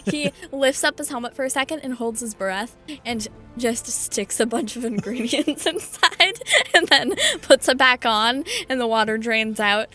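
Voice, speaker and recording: A woman's voice: a little high, a little slow, bright, forceful tone, faint music behind. A woman running a tabletop game as game master, laughing often between her narration. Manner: giggly, easily breaking into laughter.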